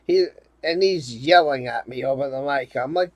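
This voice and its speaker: A man's voice: mid-range voice, normal speed, dry recording. A man from Rhode Island telling a rambling, profane story in a casual monologue to his viewers. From Rhode Island, USA. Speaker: vlogger.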